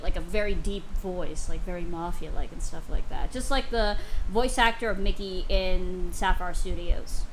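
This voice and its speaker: A woman's voice: fairly low pitch, moderate pace, hardly any pauses, a little hiss or hum, low-quality recording. A woman livestreamer chatting casually and rambling, greeting her chat viewers by name. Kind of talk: casual live-stream chat.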